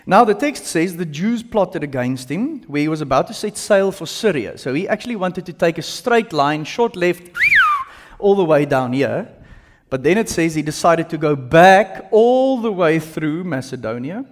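Male pastor, conversational sermon delivery, lively and fairly high pitched. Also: normal speed, long reverb tail. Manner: animated, conversational, joking asides. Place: church.

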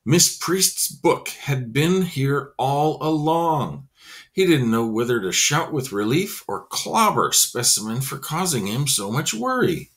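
A man's voice: medium pitch, sing-song, takes it slowly, a bit bright. A man reading a children's novel aloud expressively, adding casual asides. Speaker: reader.

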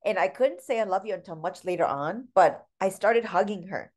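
A woman's voice: medium pitch, animated, moderate pace, a little mellow. A woman in her forties sharing a heartfelt personal story in a casual book club discussion. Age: 40s.

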